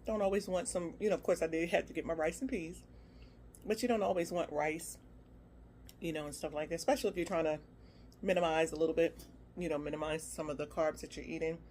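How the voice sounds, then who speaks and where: A chatty woman reviews her food for the camera in a relaxed, playful vlog voice that sits a little low. She hums and exclaims between bites. A faint hiss of background noise runs under her. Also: fast talker. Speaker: food vlogger.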